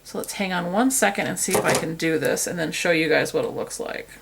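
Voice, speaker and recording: Against a noisy background, a woman demonstrates a craft on camera from a tripod, chatting casually and self-deprecatingly while her hands work. She speaks briskly in a low, creaky voice.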